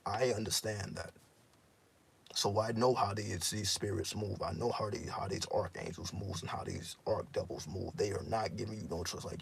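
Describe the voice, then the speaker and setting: Gravelly raspy low-voiced man. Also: steady tone, normal speed. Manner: profane, intense, emphatic repetition. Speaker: spiritual teacher. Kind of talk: casual monologue.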